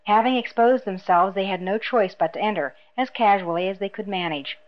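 A woman's voice: medium pitch, brisk, slight background noise. Woman narrating an audiobook, muffled sound. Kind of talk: scripted narration.

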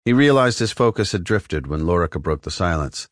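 A man reading an adventure novel aloud as the audiobook narrator, in an expressive storytelling manner. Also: low voice, brisk, no room sound, studio quality. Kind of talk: scripted narration.

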